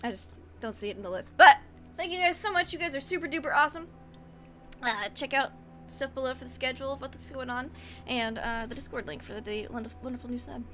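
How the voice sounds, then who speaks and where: A woman's voice: on the high side, bright, forceful tone. A woman running a tabletop game as game master, chatting casually with fillers and narrating scenes in an upbeat way. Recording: faint background noise.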